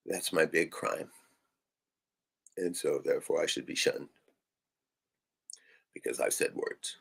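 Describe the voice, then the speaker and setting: Low husky man, rambling streamer rant, keeps asking "right?". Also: slow pace, long pauses, fairly bright tone. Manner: rambling, fills with "right?" and swearing. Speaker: live streamer. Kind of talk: casual venting monologue.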